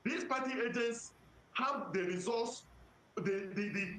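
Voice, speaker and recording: High-voiced Nigerian official man, roomy echo. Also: a bit bright. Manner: measured, methodical, cites legal sections. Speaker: electoral commission official. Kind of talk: formal answers to press questions.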